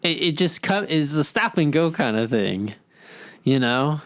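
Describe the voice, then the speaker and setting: A man's voice: fairly high pitch, sing-song, unhurried, a bit bright. A man co-hosting a podcast, laughing often and chiming in with short remarks. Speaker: podcast co-host. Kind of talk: casual chat.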